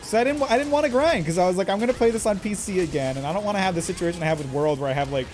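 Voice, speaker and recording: A man streaming a game live, excitable and swearing at the monster, laughing often. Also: sits high, racing, a little hiss or hum. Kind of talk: live gameplay commentary.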